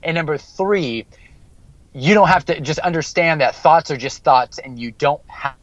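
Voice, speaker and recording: A man's voice: a little high, normal speed, no room sound, lo-fi sound. A man working as a mental skills coach, giving an earnest podcast interview and repeating key phrases for emphasis.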